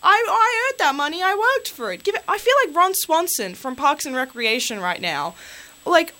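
A woman's voice: high voice, big pitch swings, moderate pace, bright, forceful tone. A young Australian woman hosting community radio, ranting on air into a studio microphone with an exasperated, rambling delivery full of fillers.

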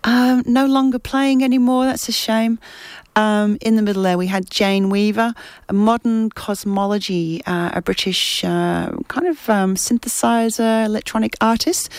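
A woman's voice: medium pitch, no echo. A woman presenting a radio show in a rambling, chatty way with many fillers.

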